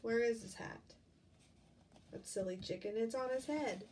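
A woman's voice: on the high side, unhurried, distant mic, background noise. Woman teacher reading aloud to kids. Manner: gentle, explaining. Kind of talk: reading a picture book aloud to children.

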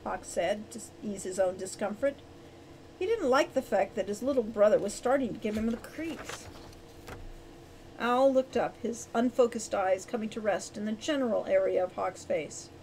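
A woman narrating a storybook chapter, acting out each character's lines with lively changes of voice. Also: mid-range voice, normal speed, slight background noise, poor audio. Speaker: audiobook reader.

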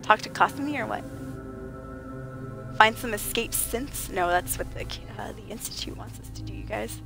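A woman livestreaming a game, chatting playfully with viewers and laughing often, her voice a little rough from being sick. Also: mid-range voice, moderate pace, over music. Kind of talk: casual livestream chat with viewers.

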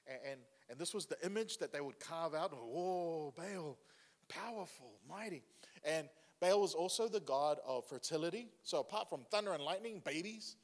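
A man delivers a sermon with loose, chatty energy, often turning to the congregation with questions. His voice sits fairly high for a man. The recording rings with the long reverb of a large hall. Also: fairly quick, hardly any pauses. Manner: conversational, animated preaching with asides to the congregation. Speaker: pastor.

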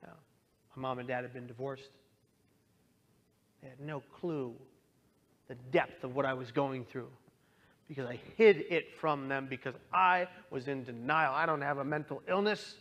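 A young man earnestly telling his own story as a talk, moving from quiet to impassioned. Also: medium pitch, moderate pace, long pauses. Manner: earnest, swings from hushed to impassioned. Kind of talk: personal testimony talk.

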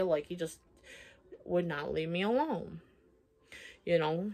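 A woman's voice: lowish voice, a little slow, a little mellow. A young woman vlogger telling a personal story in a casual, rambling way, full of fillers and restarts.

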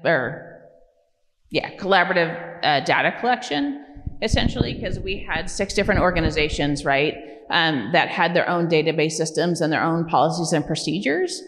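Low-voiced woman presenting in a reverberant hall. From California. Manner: conversational, many fillers like "um" and "right?". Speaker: program director presenting at a community meeting. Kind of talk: informal presentation to a public audience. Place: community meeting room. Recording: long reverb of a meeting hall.

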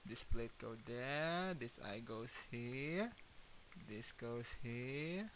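A man's voice: medium pitch, expressive, very slow, fairly bright tone, a little hiss or hum, rough recording. A man streaming a horror game, jumpy and nervous, laughing and muttering to himself.

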